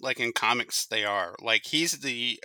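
Bright-voiced male podcast host. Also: mid-range voice, measured pace, clean tone. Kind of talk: casual podcast chat.

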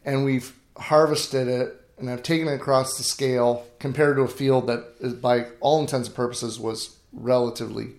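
A man's voice: medium pitch, little pitch movement, moderate pace, hardly any pauses, darkish tone. A middle-aged grain farmer telling stories in an interview, earnest and emphatic, often restarting his sentences. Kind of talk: storytelling interview talk. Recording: echoey room.

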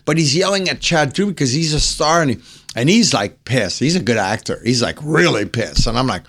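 Guest storyteller, male, grew up speaking french, lively and animated, acts out the lines. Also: mid-range voice, fairly quick. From French-speaking upbringing. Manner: animated, acts out quotes, swears. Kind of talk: anecdote storytelling.

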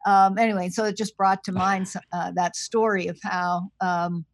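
Soft-spoken woman, thoughtful podcast guest. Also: mid-range voice, flat delivery, normal speed, no room sound. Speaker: guest scholar. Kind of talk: podcast interview over the phone. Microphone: remote call line.

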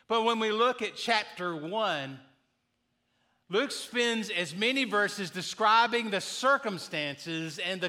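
A man in his sixties preaching a sermon, earnest and deliberate, sometimes restarting his sentences. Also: high voice, pushed and bright. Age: 60s. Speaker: pastor.

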